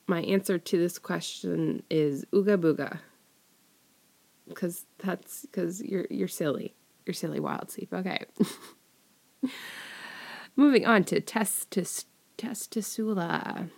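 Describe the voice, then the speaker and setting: Low gravelly woman, casual whispery chat. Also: takes it slowly, long pauses. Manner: often drops into a soft whisper, giggly. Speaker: audio creator answering listener questions.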